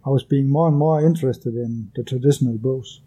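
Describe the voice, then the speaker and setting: A Danish man speaks English as his second language, answering carefully with frequent pauses and fillers. His voice is very dark and mellow, with a husky edge. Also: medium pitch. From Denmark. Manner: hesitant, many uh fillers, careful phrasing. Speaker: guest, bow hunter. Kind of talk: casual interview.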